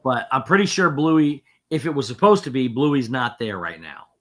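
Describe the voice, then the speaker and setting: A man talking in a relaxed podcast chat, at an ordinary middle pitch. He rambles, circles back and fills gaps with "um" and false starts. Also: moderate pace. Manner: rambling, frequent fillers and restarts. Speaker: podcast co-host. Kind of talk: casual chat.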